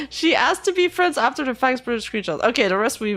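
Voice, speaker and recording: A woman's voice: high-pitched, lively intonation, a little fast, hardly any pauses, a bit bright, soft background music. A young woman streaming live, chatting casually with her viewers in a blunt, teasing way and laughing often. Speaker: streamer reacting to viewer clips.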